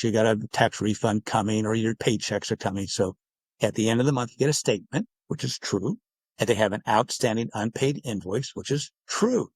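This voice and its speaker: A man's voice: medium pitch, a little mellow, no room sound. Explanatory man, dry close mic. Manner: explanatory, acts out dialogue in quotes. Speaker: guest author. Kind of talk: podcast interview.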